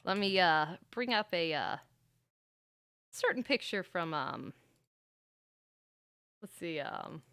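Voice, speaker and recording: A woman's voice: on the low side, expressive, slow pace, long pauses, a bit bright, clear, resonant tone, dry recording. A woman chatting casually on a livestream, rambling about games with frequent laughs. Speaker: streamer.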